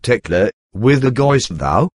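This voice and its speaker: A man's voice: mid-range voice, sing-song, slow pace, slightly rough, no room sound, studio quality, full character voice. A man reading as an eager young boy. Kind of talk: scripted reading aloud.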